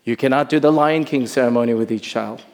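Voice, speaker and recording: A male pastor preaching a sermon in a church, animated, dropping to soft emphasis. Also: mid-range voice, fast, in a large hall. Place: church sanctuary.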